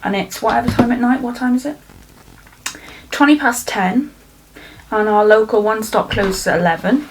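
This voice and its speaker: A woman's voice: on the high side, normal speed, pauses often, a little hiss or hum, rough recording. A young woman from South Wales, chatting and rambling her way through a makeup tutorial at home, swearing freely. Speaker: beauty vlogger. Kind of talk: casual makeup tutorial chat. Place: home, indoors.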